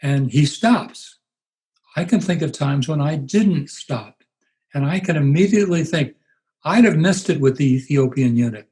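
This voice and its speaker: A man in his eighties, a pastor being interviewed, telling stories in an unhurried, reflective way. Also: fairly high pitch, animated, a little mellow, rough recording. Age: 80s. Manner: unhurried, anecdotal, puts on voices for quoted people. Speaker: guest, pastor.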